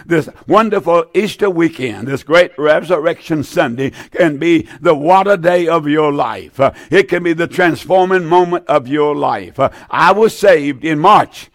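A man's voice: fairly high pitch, a little slow, few pauses, no echo, studio quality. An older man preaching on a call-in gospel broadcast, fervent and folksy, with many "uh" fillers. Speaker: radio preacher taking calls.

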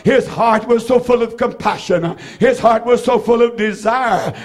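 A man preaching a sermon, with rhythmic repetition, swinging between shouted phrases and hushed ones. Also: extremely high pitch, measured pace.

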